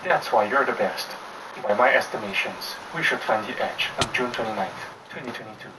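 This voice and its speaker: A man's voice: fairly low pitch, normal speed, natural voice. A man voicing an arrogant, intense older male scientist who talks in a grand, self-assured way. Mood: pleased. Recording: distant mic with steady background hiss.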